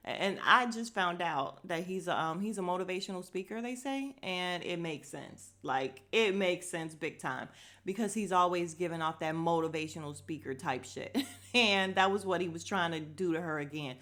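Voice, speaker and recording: At a moderate pace, this podcast host speaks in a fairly low pitch with a fairly bright tone. She recaps a reality show bluntly and with strong opinions, swearing freely and growing heated whenever something irritates her.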